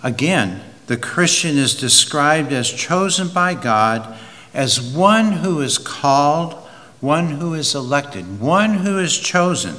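A man preaching slowly and deliberately, leaning on key words as his bright voice carries. His sermon rings through a hall with a long reverb trail. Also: on the high side, very animated. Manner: slow, deliberate, with emphatic rises.

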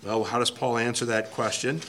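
Male Bible teacher, bright tone, thoughtful verse-by-verse delivery that reads quotes aloud. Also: medium pitch, fairly even intonation, fairly quick, slight background noise.

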